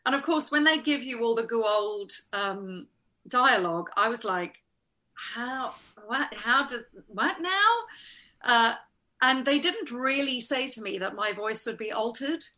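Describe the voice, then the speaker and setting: A middle-aged actress telling stories in a casual interview, animated and laughing often, acting out the lines she remembers. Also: on the high side, moderate pace.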